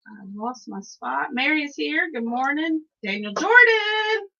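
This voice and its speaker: A woman co-hosts a radio morning show, teasing her partner and laughing easily as she greets listeners. Her voice is fairly high, bright and sharp. The audio is muffled and lo-fi. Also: unhurried, gravelly. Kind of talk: casual on-air banter. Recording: muffled lo-fi live stream audio.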